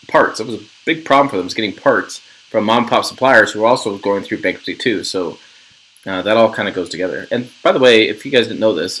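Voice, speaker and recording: A man's voice: lowish voice, a bit bright, rough recording. Chatty middle-aged man hosting a livestream. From Western Nebraska. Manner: chatty, rambling, jokey asides. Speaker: channel host. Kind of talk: casual livestream chat.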